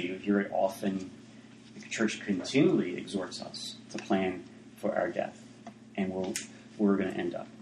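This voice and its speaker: A man's voice: fairly low pitch, echoey room, a little hiss or hum, poor audio. A man preaching a sermon in a conversational way, full of asides and restarts.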